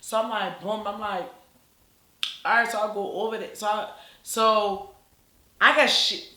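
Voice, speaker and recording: Bright-voiced woman telling a blunt story. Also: medium pitch, fairly even intonation, unhurried, reverberant. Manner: blunt, profane, rambling storytelling. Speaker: vlogger. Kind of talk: casual storytime chat.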